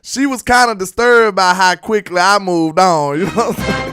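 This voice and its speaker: A young man hosting a casual sports livestream, answering chat in a relaxed way. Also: high voice, normal speed, clear, resonant tone, faint music behind. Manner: chatty, reads and answers chat comments. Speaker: sports live-stream host. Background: hip hop beat playing.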